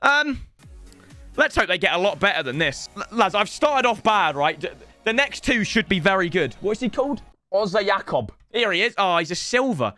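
Excitable young lad, high and lively. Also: male voice, normal speed, soft background music. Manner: excitable, rambling, jokey. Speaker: football gaming YouTuber. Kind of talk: casual unboxing chat to viewers.

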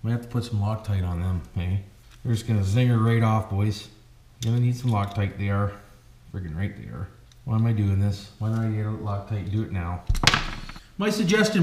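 A Canadian man hosting his hobby channel, talking casually and joking as he works on a toy truck. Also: fairly low pitch. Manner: folksy and joking, keeps saying "boys" and "why wouldn't we". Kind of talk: casual vlog narrating while working on an RC truck. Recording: echoey room with background noise.

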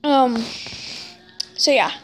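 A woman's voice: high voice, drawn-out words, faint music behind, rough recording. A sixth-grade girl chatting casually in a home vlog, rambling and filling gaps with "anyway". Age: child, sixth grader. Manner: rambling, keeps saying anyway. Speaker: vlogger.

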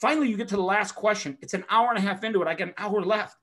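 A man with a high, bright voice spins a rowdy personal story in casual conversation. He swears easily, laughs at his own tale, and throws himself into the other people's lines, sometimes shouting them. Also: racing. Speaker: podcast host telling a story.

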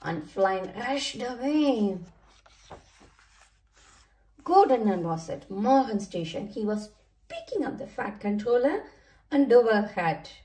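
A woman reading a children's picture book aloud in a slow, sing-song storytelling manner. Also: fairly high pitch, sing-song, mellow. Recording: echoey room, mic far off.

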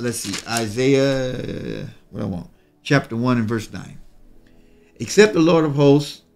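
A man's voice: mid-range voice, darkish tone. A male pastor who reads scripture aloud and then explains it in a folksy, repetitive way. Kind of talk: bible study teaching.

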